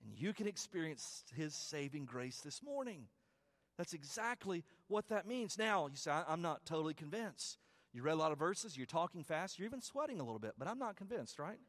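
Emphatic high-voiced pastor preaching. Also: male voice, sing-song, a little fast, fairly bright tone. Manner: emphatic preaching with repeated phrases and rising calls; conversational asides with stumbles and restarts. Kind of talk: sermon.

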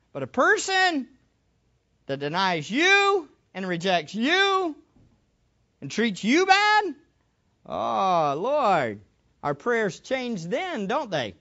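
Preacher, slow and deliberate, swooping intonation, rhetorical; church hall, lo-fi. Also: mid-range voice. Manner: animated, rhetorical questions. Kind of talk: sermon. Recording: dull lo-fi recording.

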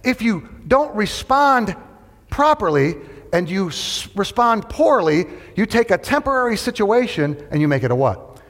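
A pastor with a high, slightly slow voice preaches a sermon in a large hall full of people, where a long reverb trails his words. He's animated, tossing out rhetorical questions and drawing call-and-response answers from the audience.

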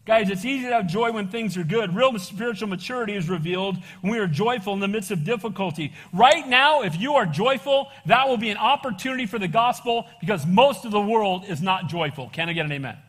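A man pastor preaching a sermon, animated and casual, calling for amens and calling people "bro". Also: sits high, a little fast, few pauses, breathy edge. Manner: casual slang, says "bro". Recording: long reverb of a church hall.

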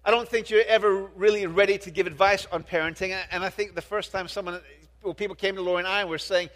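A man's voice: high voice, steady tone, fast, a bit bright. A middle-aged man preaching a sermon as a pastor, earnest, often restarting words and turning to the congregation with questions. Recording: long reverb of a large hall.

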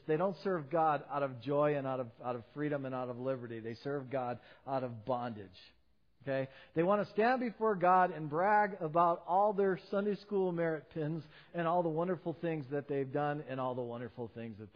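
A middle-aged man pastor preaching a sermon, swinging between loud emphatic peaks and low quiet drops. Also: normal speed. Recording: dull sound with long hall reverb.

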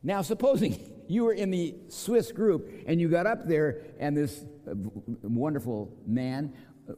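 A man preaching in a big hall where his voice rings out with a long echo. His tone is mellow and dark, and his pitch rises and falls a lot as he tells a story and plays the people in it. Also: measured pace. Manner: storytelling with acted quotes, lively pitch swings. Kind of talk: sermon.

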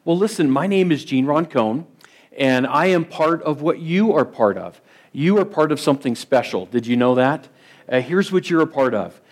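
A man's voice: a little high, lively intonation, normal speed. A man, a district superintendent, opening as guest preacher with upbeat greetings to the congregation. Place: church sanctuary.

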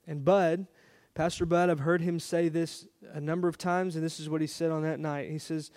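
Male pastor, fairly high voice, chatty sermon storyteller. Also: little pitch movement, normal speed. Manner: conversational, warm storytelling with quoted dialogue.

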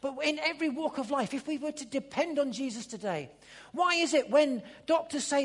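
A preacher giving a sermon, emphatic and repetitive, sometimes dropping to a hushed voice for emphasis. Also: high voice, lively intonation, normal speed. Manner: emphatic, repeats phrases, drops to a hush for emphasis. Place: church. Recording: long reverb of a church hall.

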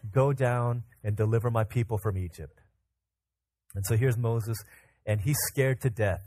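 A pastor preaching a sermon, retelling a story in a lively way with restarts and fillers. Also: male voice, mid-range voice, dry recording.

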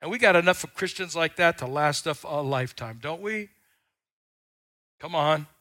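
Male pastor, middle-aged, bright ringing tone; folksy sermon delivery that builds to loud peaks. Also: on the high side, expressive, moderate pace. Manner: folksy storytelling, swells loud on key lines.

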